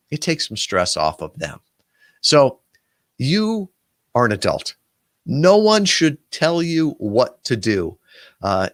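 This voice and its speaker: A man who runs a podcast guest agency, telling a story and giving casual advice with lively, filler-filled delivery. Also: mid-range voice, dry recording, studio quality. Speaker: podcast booking agency owner.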